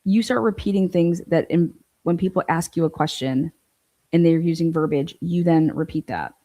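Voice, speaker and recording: A woman commentating on a true crime livestream, blunt and incredulous, swearing freely. Her voice is a touch low and mellow, with no sharpness in it. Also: normal speed, muffled recording.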